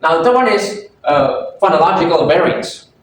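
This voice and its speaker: A young man giving a class presentation, halting, with many fillers and self-corrections. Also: on the high side, animated, a little hiss or hum. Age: young adult. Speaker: student presenter. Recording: echoey room, far from the mic.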